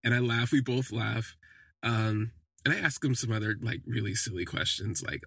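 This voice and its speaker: A man's voice: medium pitch, moderate pace, vocal fry, a bit bright, husky, dry recording. A man telling a first-person story on a podcast in a reflective, hesitant way, often restarting his sentences.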